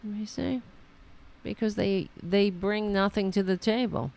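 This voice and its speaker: A woman's voice: mid-range voice, normal speed, gravelly, a little mellow. A woman hosting a political commentary show, talking in a sarcastic, mocking and rambling way, with many restarts. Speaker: host. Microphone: computer mic on a call setup.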